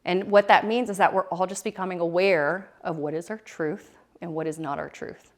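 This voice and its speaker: A woman with a slightly low voice and a gravelly, creaky edge speaks at a retreat. Her talk is loose and rambling, full of fillers and restarts. She is in her thirties. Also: steady tone, moderate pace. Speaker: retreat presenter. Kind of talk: casual talk to a small group. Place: retreat room.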